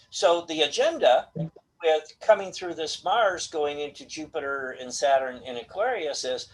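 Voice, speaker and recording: Middle-aged man, husky and fairly high-voiced, lively storyteller on a video call. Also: unhurried, rough recording. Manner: animated storytelling, acts out quoted voices. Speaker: guest astrologer. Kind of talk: casual video call conversation.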